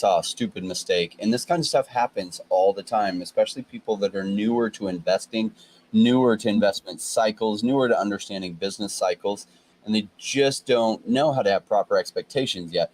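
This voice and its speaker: A man's voice: on the low side, a little hiss or hum, poor audio. A man hosting a casual crypto livestream, confident and lecturing, talking at length. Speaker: crypto show host.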